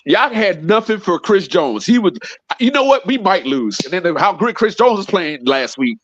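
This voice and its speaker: A man's voice: high-pitched, expressive, normal speed, no room sound, highs cut off. A man hosting a heated sports podcast, teasing the others and talking over them in boisterous banter. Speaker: podcast host.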